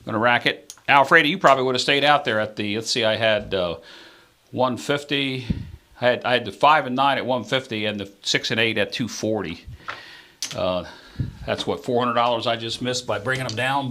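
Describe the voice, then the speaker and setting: A man hosting a live craps stream, giving chatty play-by-play of the dice and talking straight to his viewers, jumping up in excitement when the dice land. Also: mid-range voice, a little hiss or hum.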